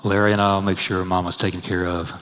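A man preaching a sermon, swelling loud and high on scripture and dropping soft and low for personal stories. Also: flat delivery, a little fast. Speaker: pastor. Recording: long hall reverb.

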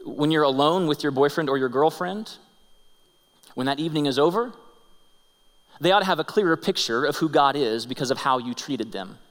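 A man's voice: on the high side, moderate pace, pauses often. A man in his thirties preaching a sermon, telling stories in an earnest way and often repeating his words. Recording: long hall reverb.

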